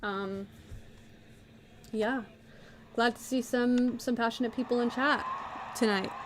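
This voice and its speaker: Woman streamer chatting w her viewers, kinda high voice, bit of hiss behind. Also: fairly even intonation, takes it slowly. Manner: chatty, talks to chat viewers. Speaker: livestream host. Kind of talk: casual live-stream chat.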